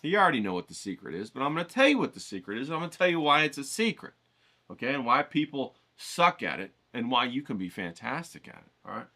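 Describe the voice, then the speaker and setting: A man's voice: mid-range voice, sing-song, fast talker, bright, forceful tone. A man hosting a writing challenge, lecturing casually to camera in a profane, emphatic way, with frequent "okay?" check-ins.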